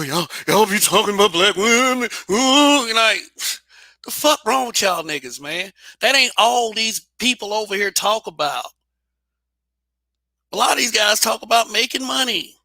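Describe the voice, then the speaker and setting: A man holds forth alone in a blunt, casual monologue, swearing freely and tripping over restarts. His voice sits a little high and rings very bright, and the recording is dry and close. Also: no echo. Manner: blunt, repetitive restarts, profane. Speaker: channel host.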